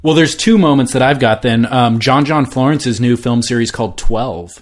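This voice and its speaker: A man's voice: mid-range voice, normal speed. A man co-hosting a surf podcast, recapping events and teasing his partner in casual banter. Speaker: podcast co-host. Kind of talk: casual chat.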